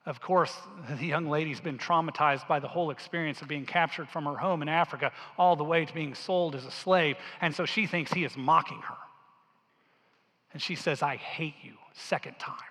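A male pastor telling a story in a sermon with earnest, quiet intensity, dropping his voice low for quoted lines. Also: normal speed. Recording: long hall reverb.

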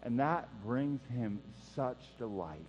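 A man preaching a sermon in an earnest style, repeating key phrases and dropping to a hush for emphasis. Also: mid-range voice, expressive, slow pace. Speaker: pastor. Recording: dull sound with long hall reverb and mains hum.

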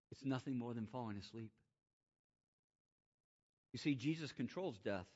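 A man preaching a sermon, swinging from loud, rising exclamations to quiet, hushed emphasis. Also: mid-range voice. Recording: muffled lo-fi sound.

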